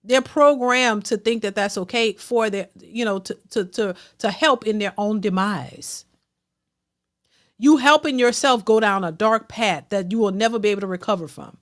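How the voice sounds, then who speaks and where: A woman's voice: mid-range voice, normal speed. A woman hosting a reaction video, giving an emphatic, repetitive commentary rant and mocking the people she criticizes. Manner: emphatic, repetitive, preachy, mocking voices of others. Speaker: reaction channel host.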